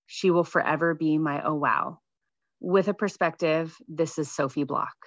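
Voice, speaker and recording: Low-voiced woman reading a personal essay. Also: steady tone, normal speed, no echo, dull audio. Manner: gentle, reflective reading.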